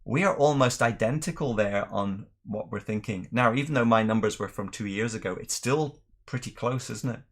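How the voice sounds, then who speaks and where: A middle-aged man from Northern Ireland, with an accent mixed with English, hosting a relaxed whisky livestream and chatting through viewer questions. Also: lowish voice, normal speed, hardly any pauses. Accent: mixed Northern Irish and English. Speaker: whisky channel host. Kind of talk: casual livestream chat.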